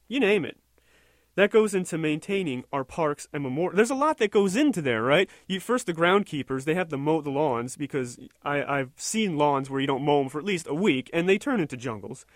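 A man with a notably high voice, delivering a sarcastic and indignant rant that rambles and restarts mid-sentence. The sound is close and dry. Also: no room sound. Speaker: political commentator. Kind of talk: opinion rant monologue.

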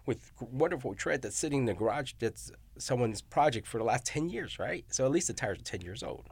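A man's voice: medium pitch, lively intonation, fairly quick, gravelly, breathy edge, no room sound. A middle-aged man, a professor, talking casually and telling stories with frequent tag questions like "you know?" and "right?". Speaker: university researcher and professor. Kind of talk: casual academic discussion.

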